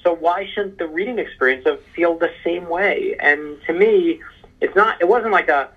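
A man being interviewed as an author on a podcast, telling stories in an animated, emphatic way over a remote call. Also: fairly high pitch, moderate pace, narrow, tinny audio. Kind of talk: casual interview chat.

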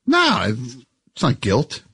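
A man's voice: medium pitch, huge pitch swings, takes it slowly, pushed and bright, husky, no room sound. A man hosting a talk show, teasing his guest and pressing him again and again to admit something, in casual joking chat. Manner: teasing, insistent, repeats himself. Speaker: host.

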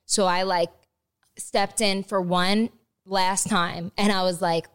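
A woman's voice: on the low side, steady tone, normal speed, smooth. A woman guest on a podcast, chatting candidly, laughing often and swearing freely. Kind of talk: casual chat.

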